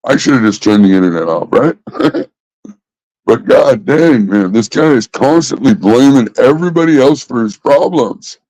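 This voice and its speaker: A man in a casual vlog rant, exasperated and heavy on the swearing as he circles back to the same points. His voice sits at an ordinary middle pitch. The sound is dry, with no room echo. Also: expressive, normal speed, darkish tone. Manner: exasperated, profane, repeats himself. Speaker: vlogger.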